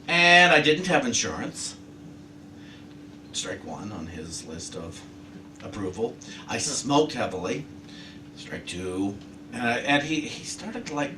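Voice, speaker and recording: A male minister preaches in a casual, storytelling way. His voice is bright and rises and falls a lot. He is heard from a distance in an echoing sanctuary. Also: mid-range voice, slight background noise. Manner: conversational, animated storytelling with laughs. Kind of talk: sermon. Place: church sanctuary. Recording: roomy, distant mic in a hall.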